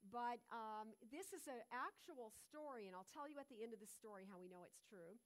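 This is a woman giving an inspirational talk, and her voice sits slightly on the high side. She tells a story at a relaxed, meandering pace. She often stops mid-thought, repeats herself and restarts. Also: a little fast. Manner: meandering, many fillers and restarts.

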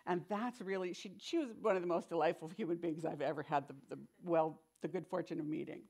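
A woman giving a sermon in a chatty, animated storytelling manner, with frequent asides. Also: on the low side, fairly quick, hardly any pauses.

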